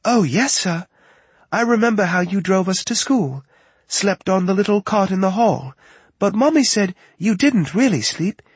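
A man's voice: high-pitched, lively intonation, normal speed, slightly rough, dry recording, pitched above the performer's own voice. A man voicing a frightened little girl who pleads for help over the phone in an audiobook, with an anxious, polite manner. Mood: eager. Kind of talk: audiobook character voice.

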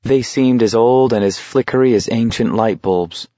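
A man reading a novel aloud in steady, measured scripted narration. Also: mid-range voice, no room sound, lo-fi sound. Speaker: audiobook narrator.

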